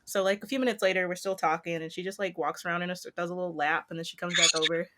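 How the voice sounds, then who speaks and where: A young woman co-hosting a casual podcast, telling a funny family story and acting out the quotes in a high, animated voice. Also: quick pace, heavy background noise. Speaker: podcast co-host.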